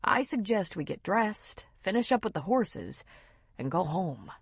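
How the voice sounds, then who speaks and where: Teasing young husband, read by a woman; husky, expressive delivery. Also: measured pace, no room sound, clean studio sound, heavily acted. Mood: reassuring. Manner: playful, low teasing.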